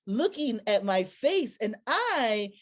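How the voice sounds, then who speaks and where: A woman telling a personal story to an audience in a lively, slangy, conversational way. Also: on the high side, slow.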